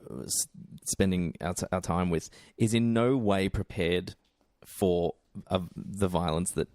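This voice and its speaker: Co-host, man, low voice, dry recording, thoughtful and measured. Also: darkish tone, dry recording. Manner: thoughtful, searching for words. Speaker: podcast co-host. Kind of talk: casual chat.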